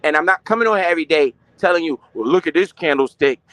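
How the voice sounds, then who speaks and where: Man, young adult, high-pitched voice, dry close sound, casual finance stream host, animated, profane, slangy. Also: fast, no room sound. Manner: animated, profane, slangy, asks questions and answers them himself. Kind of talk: casual live-stream talk.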